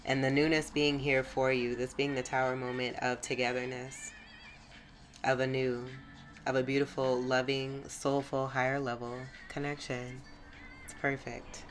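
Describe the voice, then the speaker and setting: A woman's voice: very deep voice, little pitch movement, normal speed. A woman giving a spiritual tarot reading to her viewers, effusive, exclamatory and encouraging. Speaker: tarot reader. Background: music.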